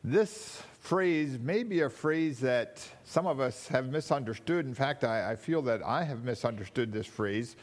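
A man preaching a sermon in a measured, teaching tone, slowing down to stress key words. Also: medium pitch, expressive.

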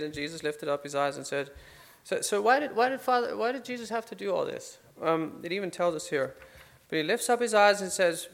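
A man's voice: high-pitched, vocal fry. A man giving an informal Bible study, talking things over conversationally with fillers and restarts. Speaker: Bible teacher.

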